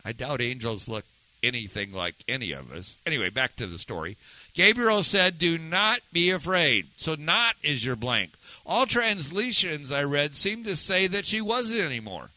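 Animated, bright-voiced male preacher. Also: normal speed, no room sound, poor audio. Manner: conversational, asks listeners questions, swings pitch for emphasis. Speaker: pastor. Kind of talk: sermon.

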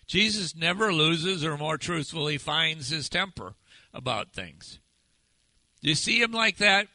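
A man's voice: fairly high pitch, lively intonation, unhurried, bright, forceful tone, dry recording, low-quality recording. A male pastor giving a sermon in a conversational way, often asking the congregation questions.

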